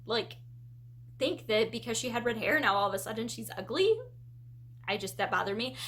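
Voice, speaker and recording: A woman and parent chatting casually through a book tag as a vlogger, lively and acting out her quoted reactions. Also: fairly high pitch. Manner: animated, acts out quoted reactions.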